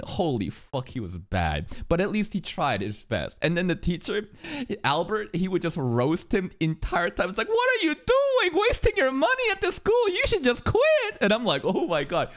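A man streaming live anime reaction commentary, excitable and exclamatory, swearing often and repeating words rapidly when surprised. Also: fairly low pitch.

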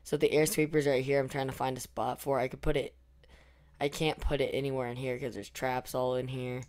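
A young man giving casual, excitable commentary over his own gameplay, hoarse from losing his voice, trailing off into mumbles and then breaking into loud cheers. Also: mid-range voice, fairly quick. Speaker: gaming YouTuber.

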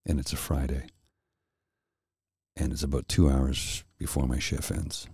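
A middle-aged man hosting a soft-spoken ASMR chat, telling a rambling story slowly and with restarts, close to the mic. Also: rumbling low, flat delivery, creaky, slightly rough, no room sound. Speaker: host.

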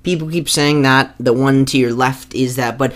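A young man who rambles eagerly to his viewers, tripping over his words and starting his sentences over. His voice sits at an ordinary middle pitch, and his talk is loose and unscripted. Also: fairly even intonation, moderate pace. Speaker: gaming video creator. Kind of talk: casual talk to viewers over gameplay footage.

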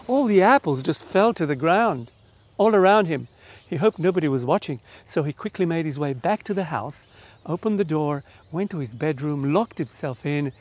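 A middle-aged Australian man telling a children's story in an online church service, with lively, animated delivery and direct questions to the listeners. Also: high-pitched.

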